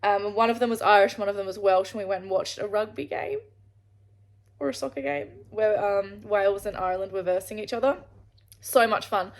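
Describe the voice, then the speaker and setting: An Australian woman vlogging to camera, telling a rambling travel story and swearing freely along the way. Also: medium pitch. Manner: rambling, swears freely, restarts mid-sentence.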